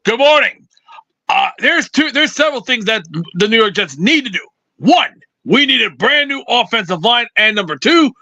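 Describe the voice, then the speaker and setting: Furious male caller, shrill and bright, swearing through a rambling rant. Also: no echo. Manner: angry, profane, rambling. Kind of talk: fired-up fan rant.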